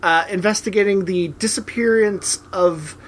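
A podcast co-host talking casually about movies, relaxed and quick to laugh. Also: mid-range voice, a little hiss or hum. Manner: relaxed, laughs easily, fills with "uh". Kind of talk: casual film discussion.

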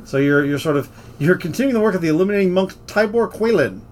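A man's voice: sits high, expressive, quick pace, a little mellow. A man hosting a casual podcast chat, rambling along with plenty of fillers and restarts. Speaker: game store podcast host.

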